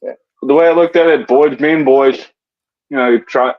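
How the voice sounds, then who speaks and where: A man's voice: medium pitch, fairly even intonation, normal speed. Rambling stammering West Virginia man. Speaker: guest comedian and wrestler. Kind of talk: casual podcast chat. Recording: dull lo-fi audio.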